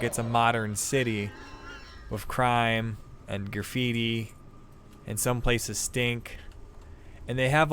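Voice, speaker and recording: A man's voice: mid-range voice, fairly bright tone, slight background noise. A man with a Midwestern American accent, chatting casually with viewers while streaming a game, rambling and swearing freely. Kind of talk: casual live-stream chat.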